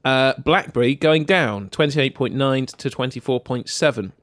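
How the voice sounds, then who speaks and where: Podcast host reading headlines. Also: male voice, mid-range voice, normal speed, dry recording, clean studio sound. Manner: presenter-like, reads out stats. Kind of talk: casual podcast chat.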